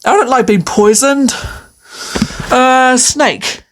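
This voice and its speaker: A woman's voice: high voice, slow pace, fairly bright tone. A woman chatting on her own through a quiz, playful and hesitant, with many fillers and frequent laughter. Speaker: video creator answering quiz questions. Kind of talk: casual solo commentary.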